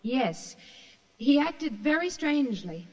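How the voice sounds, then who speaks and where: An eager young secretary. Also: female voice, sits high, very animated, takes it slowly, darkish tone, full character voice. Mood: earnest. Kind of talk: 1940s radio acting. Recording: muffled old radio recording.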